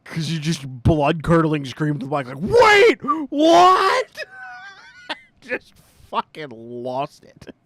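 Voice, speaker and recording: Playing a game on stream, this man relives a fight for his teammate with laughter and swearing in a relaxed chat. He speaks with a fairly high pitch at an unhurried pace.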